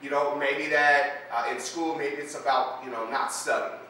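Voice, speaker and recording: A man's voice: on the high side, fairly even intonation, moderate pace, pushed and bright. A man speaker telling a parable and drawing a life lesson, conversational, with many fillers. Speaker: motivational speaker. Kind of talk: storytelling lesson. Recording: echoey room, distant mic, faint noise.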